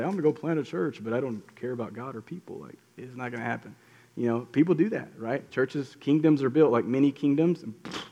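A man's voice: mid-range voice, a little mellow. A man, a pastor giving a casual, conversational sermon full of fillers and restarts. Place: church hall. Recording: long hall reverb.

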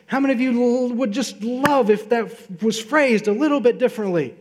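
A man preaching a sermon as pastor, building to loud emphatic peaks and asking his congregation questions. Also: very high voice, brisk, hardly any pauses. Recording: long reverb of a large hall.

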